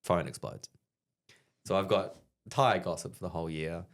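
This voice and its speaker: A man in his thirties with an Australian accent and a low voice tells profane, animated stories at a normal speed while chatting casually as a guest comedian.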